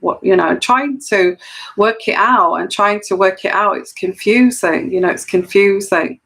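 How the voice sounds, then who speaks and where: With vocal fry and a fairly bright, medium-pitched voice, an intuitive tarot reader speaks at a measured pace, earnestly making her point to camera and repeating phrases for emphasis. The solo commentary monologue comes through a rough recording.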